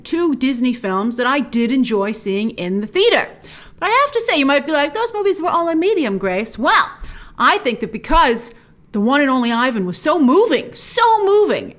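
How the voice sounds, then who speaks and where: A young woman delivers a casual movie review straight to her viewers. Her voice sits high and swings widely in pitch. She talks in an animated, chatty way and acts out her own reactions as she goes. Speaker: film reviewer.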